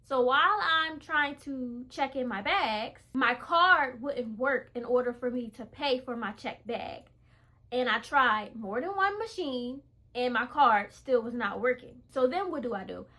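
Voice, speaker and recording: Bright, high-voiced woman telling a story. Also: unhurried. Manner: animated, chatty, laughs often. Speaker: faith vlogger. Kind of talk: casual storytelling to camera.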